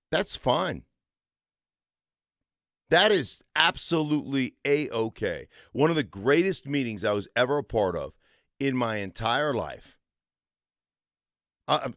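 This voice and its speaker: A man's voice: medium pitch, a bit bright, no room sound. A man in his fifties, a former football player and radio co-host, talking sports with emphatic conviction in a studio. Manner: emphatic, tells stories with conviction.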